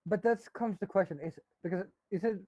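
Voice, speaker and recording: Higher, mellow man on a dull dry mic. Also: a little fast, dry recording. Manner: hesitant, restarts phrases, argumentative. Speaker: live stream co-host. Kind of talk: casual gaming chat.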